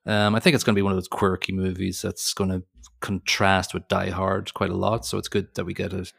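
A man's voice: low voice, flat delivery, a little fast, vocal fry, a bit bright, breathy edge. A man co-hosting a movie podcast, chatting in a rambling, jokey way that keeps correcting itself. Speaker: podcast co-host. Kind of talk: casual movie podcast chat.

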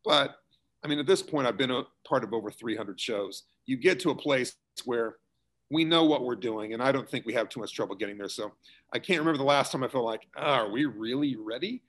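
A middle-aged man, a school theater director, explaining his work in a relaxed interview, talking conversationally with fillers and restarts. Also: mid-range voice, brisk.

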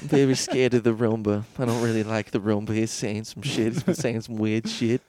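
A man's voice: on the low side, fairly even intonation, brisk, darkish tone, no room sound. A young man co-hosting a comedy podcast in casual chat, joking crudely and saying "dude" a lot. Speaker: podcast co-host.

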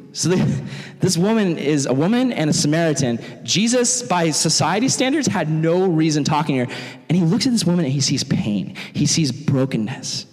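A man's voice: a little high, big-room sound. A young adult man giving a casual, chatty storytelling sermon as a youth pastor, acting out quotes as he goes. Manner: chatty, animated, acts out quotes.

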